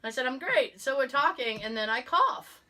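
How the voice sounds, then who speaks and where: A middle-aged woman co-hosts a casual podcast and tells her stories in an animated way, slipping into the voices of the people she quotes. Her voice is bright and forceful and sits a little high. A lingering illness leaves her with a cough. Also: normal speed, a little hiss or hum. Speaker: podcast co-host. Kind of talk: casual storytelling chat.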